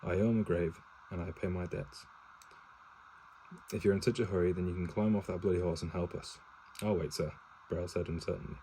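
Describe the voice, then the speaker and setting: Casual home reader, male, low warm voice, stumbling plain read-aloud with self-corrections and cursing asides, no character voices. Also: steady tone, a little fast, a little hiss or hum, poor audio. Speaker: reader reading a novel aloud to his partner.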